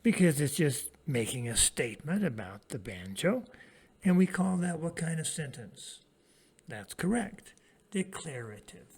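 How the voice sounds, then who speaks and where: Lively, sing-song male teacher. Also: a little high, slightly rough. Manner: call-and-response prompting, pausing for pupils to answer. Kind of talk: English grammar lesson for children.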